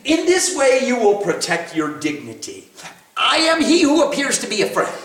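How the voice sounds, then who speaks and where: A teacher acting out a pompous male ambassador of demons who blusters and mock-shouts his threats. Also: mid-range voice. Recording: roomy, from a distance.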